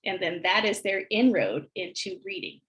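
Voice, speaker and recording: A woman presenting a teacher training session, calmly explaining early literacy activities and modeling phrases slowly as if for young children. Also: medium pitch, low-quality recording. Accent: American. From United States. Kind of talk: instructional webinar walkthrough.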